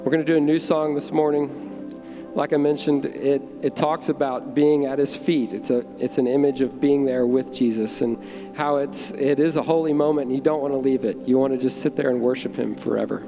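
A man with a gravelly voice giving casual church announcements as worship leader. His voice rings out in a reverberant sanctuary. Music plays clearly behind him. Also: mid-range voice, fairly even intonation, fairly quick.

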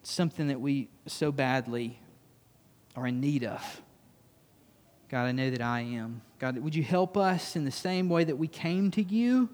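A pastor giving a conversational sermon that turns emphatic, then closes in quiet prayer. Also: male voice, mid-range voice, measured pace. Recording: long reverb of a church hall.

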